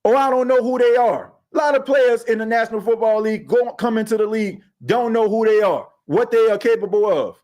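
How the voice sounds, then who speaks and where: A man hosting a sports podcast, talking in an animated, slangy way and reacting to viewer comments. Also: high voice, a little fast, few pauses. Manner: animated, slangy, reads chat comments aloud. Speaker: podcast host.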